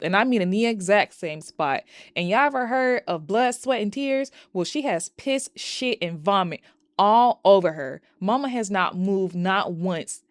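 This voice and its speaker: A woman's voice: mid-range voice, dry recording, studio quality. Profane, chatty woman recapping a movie. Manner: chatty, profane, dramatic retelling with acted quotes. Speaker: movie reviewer. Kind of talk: casual movie recap and review.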